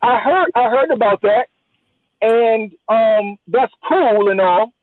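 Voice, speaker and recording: A man's voice: sits high, slow, no echo. A man calling in to a heated debate, insistent and repeating himself for emphasis. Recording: tinny phone line.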